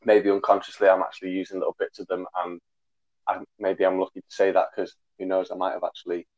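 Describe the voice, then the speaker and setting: A man's voice: sits low, monotone, fast, a little mellow. A man in his twenties chatting casually, a rambling storyteller who corrects himself as he goes. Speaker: podcast co-host. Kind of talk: casual chat. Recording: muffled lo-fi recording.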